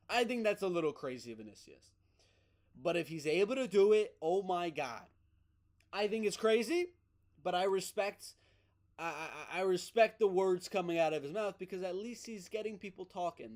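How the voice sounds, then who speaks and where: A man hosting a fight news vlog in a casual, excited, opinionated way, often repeating himself for emphasis. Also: high voice, fairly quick. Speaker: MMA news host.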